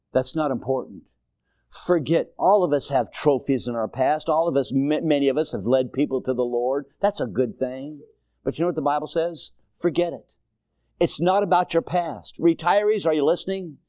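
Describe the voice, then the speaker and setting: Fiery preacher man with a dry sound. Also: dry recording. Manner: swings from low, quiet asides to loud, high shouted exhortation; repetitive, rousing, sports-laced preaching. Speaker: guest preacher. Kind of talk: sermon.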